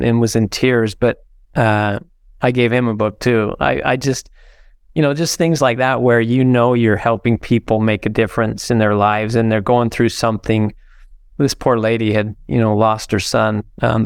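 Older man, podcast guest, earnest heartfelt storytelling, smooth resonant voice, dry close sound. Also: medium pitch, dry recording. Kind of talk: interview storytelling.

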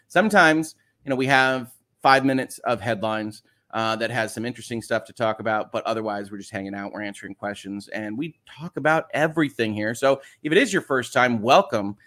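A man's voice: medium pitch, fairly bright tone. A middle-aged man hosting a casual live stream, chatting and joking while reading out viewer greetings. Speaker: host. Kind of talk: casual livestream chat.

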